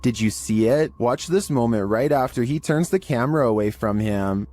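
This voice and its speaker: A man reads a scripted countdown of eerie clips in a steady, monotone way. His tone is dark and mellow, sitting in an ordinary middle pitch, and it stays even throughout. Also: moderate pace. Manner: monotone, calm delivery. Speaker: narrator of a creepy-video countdown. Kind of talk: scripted narration.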